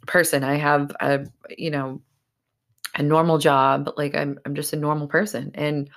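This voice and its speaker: A woman's voice: deep voice, level tone, measured pace, creaky, fairly bright tone. A woman from Massachusetts hosting her own podcast, talking casually and emotionally, choked up and tearful, with many fillers and restarts. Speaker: podcast host. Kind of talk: casual solo podcast talk.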